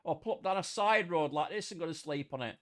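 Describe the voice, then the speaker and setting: A man's voice: fairly high pitch, fairly quick. A man hosting a gaming livestream, chatting casually with a lot of swearing and mock-threatening banter. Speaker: livestream host. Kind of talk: casual gaming stream chat.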